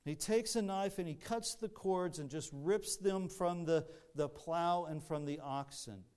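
Earnest man preaching, smooth clear voice. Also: a little high, unhurried, darkish tone. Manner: earnest, repeats words and restarts often. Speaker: pastor. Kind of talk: sermon.

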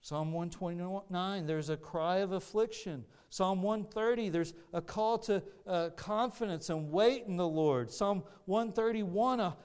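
A man with a high, clear, resonant voice preaches a sermon. He teaches earnestly and walks listeners through his points, often restarting his phrases as he goes. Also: darkish tone. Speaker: pastor.

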